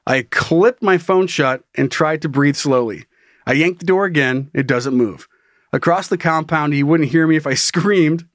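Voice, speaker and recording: A man's voice: a little high, normal speed, dry recording, studio quality. A man hosting a podcast, telling a story dramatically with swearing and laughs, in a casual chat style. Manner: animated, swearing, laughing at his own story. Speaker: podcast host.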